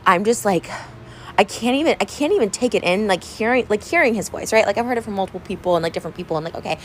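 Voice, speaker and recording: Young woman, upset vlog rant, rambling with endless "like", medium pitch, faint room hiss. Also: expressive, quick pace. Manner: rambling, fillers of "like", upset and venting. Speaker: vlogger. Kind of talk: unscripted vlog rant to camera.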